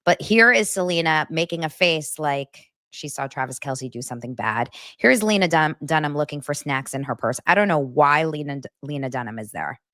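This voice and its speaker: A woman's voice: deep voice, lively intonation, moderate pace, few pauses, a bit bright, no room sound, clean studio sound. A woman hosting a casual celebrity gossip chat, talking in a playful, rambling way that keeps interrupting itself. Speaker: host.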